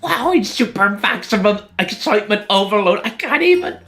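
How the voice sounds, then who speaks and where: A man's voice: high-pitched, sing-song, moderate pace, fairly bright tone, soft background music, pitched above the performer's own voice, full character voice. A man voicing a giddy, hyperexcited young female superfan with a gushing, squealing delivery.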